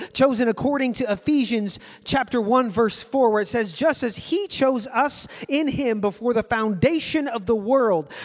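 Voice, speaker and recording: High-voiced male pastor preaching. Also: in a large hall. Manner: earnest, repeats key phrases for emphasis. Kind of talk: sermon.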